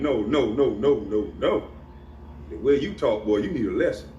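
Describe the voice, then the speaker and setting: A man's voice: mid-range voice, expressive, a little fast, a little mellow, dull audio, slight background noise. A middle-aged man rants to camera. He is profane and taunting, and he laughs at his own jabs. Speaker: vlogger. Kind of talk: confrontational rant to camera. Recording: echoey room, off-mic, faint ambience.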